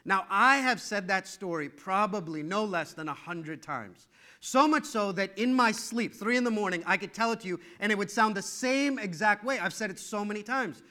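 Middle-aged male pastor, sermon; high, bright, animated storyteller. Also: normal speed. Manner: animated, repetitive storytelling, emphatic.

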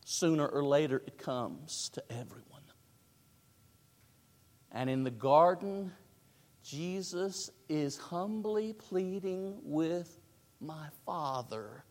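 High-voiced preacher in an echoing hall. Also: male voice, animated, slow, long pauses. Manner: dramatic swings from hushed to booming. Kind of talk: sermon. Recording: long hall reverb.

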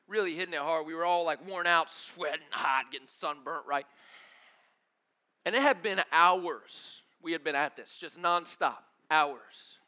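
A young man preaching a sermon as a story, acting out the dialogue in an animated way. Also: on the high side. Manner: animated, acts out dialogue, laughs often.

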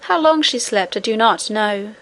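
A woman reading a children's fantasy story aloud in a measured way. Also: medium pitch, animated, a bit bright. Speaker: audiobook narrator. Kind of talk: scripted narration.

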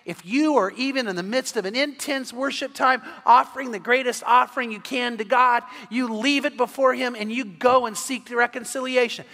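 A man's voice: very high-pitched, steady tone, moderate pace, few pauses, pushed and bright. A man preaching an evening sermon, telling stories earnestly and often restarting his sentences. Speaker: pastor. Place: church sanctuary. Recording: long reverb of a church hall.

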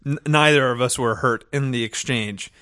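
Man, podcast co-host, bright, casual chat, animated, dry close sound. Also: mid-range voice, moderate pace, no room sound. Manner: animated, acts out characters' lines with laughs. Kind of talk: casual chat recapping a TV episode.

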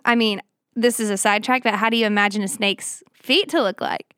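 A woman's voice: medium pitch, fairly even intonation, a little fast, fairly bright tone, clean tone, no room sound, clean studio sound. A woman co-hosting a casual faith chat, asking curious questions.

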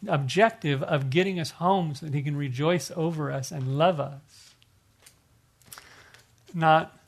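A middle-aged male pastor preaching a sermon in an earnest, conversational way, often restarting his phrases. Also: on the high side.

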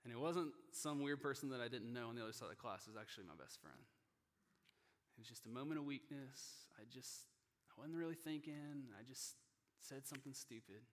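A pastor preaching a sermon in an earnest, personal way, growing emotional and sinking to a hushed near-whisper at tender moments. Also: male voice, medium pitch, expressive, fairly quick, long reverb tail. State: emotional, choking up. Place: church sanctuary.

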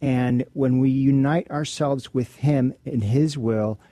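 Halting male radio co-host, mellow tone. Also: medium pitch, steady tone, dry recording. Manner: halting, many restarts. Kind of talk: casual chat about faith. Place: radio studio.

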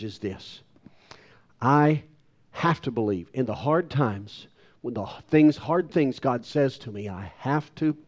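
A man's voice: mid-range voice, a little mellow, dull audio. A man in his sixties preaching a sermon with emphatic delivery and self-deprecating asides. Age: 60s. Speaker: pastor.

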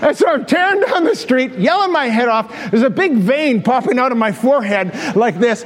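A middle-aged man and pastor telling a story in a sermon, animated and self-mocking, often laughing at himself. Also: sits high. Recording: long reverb of a large hall.

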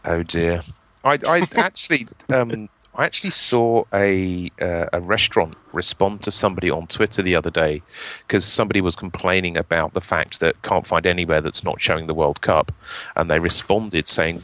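A man from England on a podcast panel, chatting casually, laughing often and quick with quips. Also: deep voice, sharp tone.

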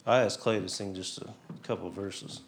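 A man's voice: low voice, fairly even intonation, normal speed. A man giving a casual testimony at a church service, chatty and chuckling, often asking the crowd questions. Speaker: lay speaker giving a testimony. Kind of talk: informal church talk.

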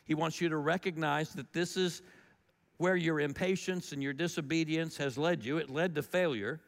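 A man's voice: on the high side, moderate pace, in a large hall. A man preaching a sermon in a conversational, storytelling way, his volume rising and falling as he goes. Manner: conversational, animated storytelling with shifts in loudness. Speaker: pastor.

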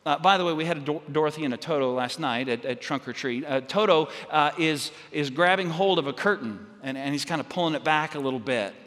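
Male pastor, slightly high voice, halting storytelling sermon, long hall reverb. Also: fairly bright tone. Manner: storytelling, many restarts and fillers.

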